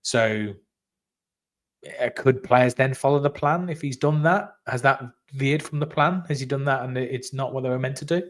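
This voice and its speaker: Guy hosting a football podcast, talks in long excited run-on bursts over a video call. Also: mid-range voice, normal speed. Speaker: podcast host. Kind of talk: casual football chat.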